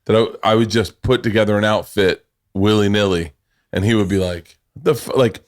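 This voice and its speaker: A middle-aged man hosting a podcast, telling animated stories in casual chat, swearing freely and laughing as he talks. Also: fairly low pitch, normal speed. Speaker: podcast host.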